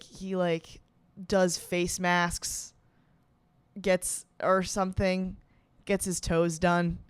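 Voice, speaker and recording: A woman's voice: medium pitch, clean tone, no echo. A young woman hosting a comedy podcast, rambling in a chatty, sarcastic way and swearing freely. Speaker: podcast host. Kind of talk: casual comedic monologue.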